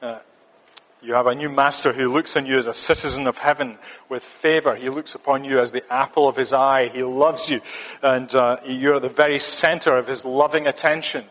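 Man preaching, earnest, emphatic, mid-pitched voice, long hall reverb. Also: steady tone, a little fast, fairly bright tone. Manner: earnest, emphatic, repeats phrases for stress. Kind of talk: sermon.

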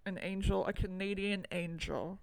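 A woman co-hosting a film podcast in easy, rambling chat. She talks with eager enthusiasm, full of fillers and quick asides. Her voice sits at an ordinary middle pitch. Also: steady tone, gravelly, no echo, low-quality recording. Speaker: podcast co-host. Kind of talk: casual movie chat.

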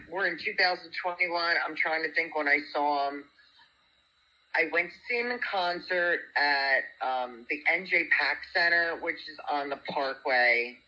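A woman, a guest telling a story in animated, chatty talk. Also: sits low, rough recording. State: single parent. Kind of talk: casual storytelling chat.

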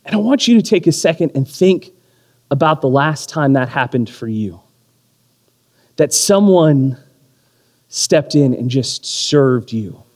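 Man, 30s, pastor; lively, self-mocking sermon storyteller, slightly high voice, long hall reverb. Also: a little slow, long pauses. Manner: animated storytelling with self-deprecating humor. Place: church or community hall.

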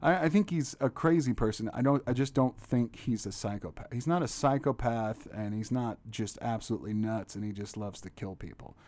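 A man hosts his own podcast and rants with plenty of swearing. He slips into mocking impressions as he goes. His voice sits in an ordinary middle pitch. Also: fairly quick, hardly any pauses, darkish tone. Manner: profane, ranting, mocking impressions. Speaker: podcast host. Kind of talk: solo podcast rant.

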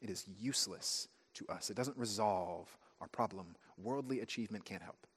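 A man preaching a sermon as pastor, telling stories with lively, acted-out asides. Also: lowish voice, normal speed, slightly rough. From United States. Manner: animated storytelling, acting out friends' voices. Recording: long hall reverb.

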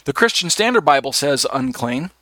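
A man's voice: mid-range voice, sing-song, moderate pace, pushed and bright, no echo. A man leading a casual Bible study lesson, talking conversationally with many fillers as he reads out verses. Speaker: Bible teacher.

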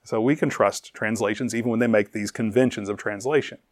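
A man preaching a teaching sermon, animated and chuckling often, firing rhetorical questions at his listeners. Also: on the low side, a little fast.

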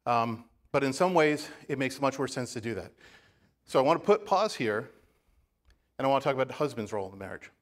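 Man, pastor, sermon, chatty storytelling, asides, mid pitch. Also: animated, brisk. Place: church.

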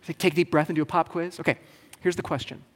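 A man's voice: a little high, fairly even intonation, fast talker. A male pastor preaching a sermon in a casual, joking, conversational way. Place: church sanctuary. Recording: long hall reverb.

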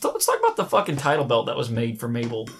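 A man co-hosting a casual podcast, narrating the action excitedly with some swearing. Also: medium pitch, fast talker, gravelly, slight background noise. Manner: excited play-by-play, profane. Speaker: podcast co-host. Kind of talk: casual chat with play-by-play.

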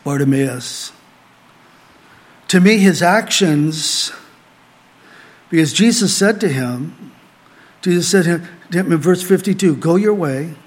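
Male pastor, middle-aged, slightly high voice, earnest sermon delivery with emphatic rises and hushed asides. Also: slow pace, pauses often. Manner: earnest preaching, rising emphatic then dropping to quiet asides. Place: small group gathering.

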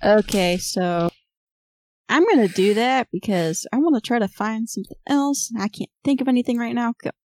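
A woman playing a tabletop game, chatting excitably and swearing often. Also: fairly high pitch, normal speed, no echo. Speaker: player. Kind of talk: casual game chat.

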